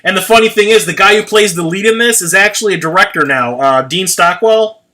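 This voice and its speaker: An American livestream host in his forties chats casually, rambling, swearing freely and laughing at himself. He has a high-pitched, sharp voice and talks a little fast.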